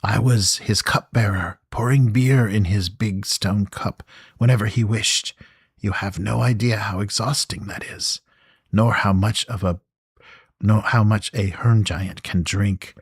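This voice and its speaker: A man's voice: on the low side, fairly even intonation, a little slow, slightly rough, no echo, studio quality. A man voicing a whiny, cowardly male troll servant in a tabletop adventure, grumbling and complaining. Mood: whining. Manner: whining, grumbling.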